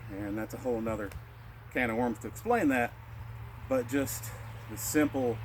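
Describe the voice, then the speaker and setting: A male martial arts instructor calmly leading a qigong class, cueing each breath in a slow, steady rhythm. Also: medium pitch, noisy background.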